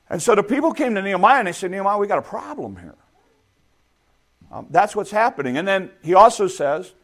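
A middle-aged male pastor delivering a sermon in a loose, conversational manner. His voice sits somewhat high, and he keeps turning to his listeners with rhetorical questions.

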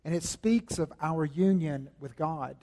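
A man's voice: a little high, animated, unhurried, dark tone. A man preaching a sermon in a conversational way, repeating key phrases for emphasis. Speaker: pastor. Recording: reverberant hall.

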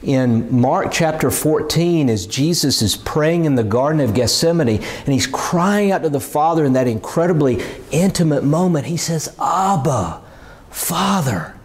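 A man's voice: on the high side, expressive, moderate pace, a little mellow. A man preaching a sermon in an earnest, emphatic way, often repeating words as he builds a point.

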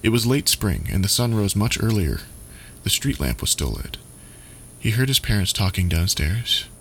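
A man narrating a scripted story in a measured, steady reading. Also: on the low side, a little hiss or hum.

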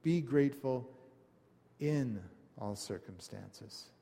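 A man preaching a conversational sermon, telling stories with animated asides to his congregation. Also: mid-range voice, slow, gravelly. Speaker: pastor. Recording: long hall reverb.

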